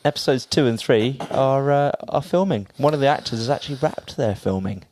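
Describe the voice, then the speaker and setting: A man's voice: mid-range voice, fairly quick, a little mellow, slight background noise. A man co-hosting a podcast, chatting casually and jokingly as he reads entertainment news from his notes. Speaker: podcast co-host. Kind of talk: casual chat.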